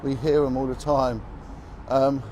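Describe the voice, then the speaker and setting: A man's voice: medium pitch, level tone, unhurried, darkish tone, slight background noise. A man who is a former police officer, telling stories bluntly and with emphasis as he walks down a city street. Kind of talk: walking vlog monologue.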